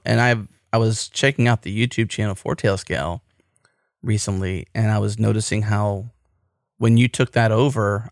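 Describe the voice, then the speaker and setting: Rambling American podcast host, low voice. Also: male voice, no echo, clean studio sound. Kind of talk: casual podcast chat.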